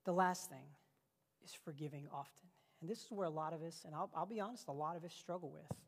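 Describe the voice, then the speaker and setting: A man preaching a sermon, telling stories with passion and swinging between loud bursts and hushed lines. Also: on the high side, brisk, vocal fry. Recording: long reverb of a large hall.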